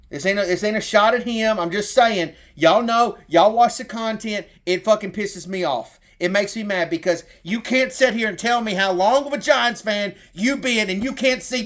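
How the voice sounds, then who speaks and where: Southern guy with a really high voice, middle-aged, ranting hot and cussing a lot about football. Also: fairly bright tone. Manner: heated, profane, repetitive rant. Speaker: sports fan content creator. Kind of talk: fired-up sports rant.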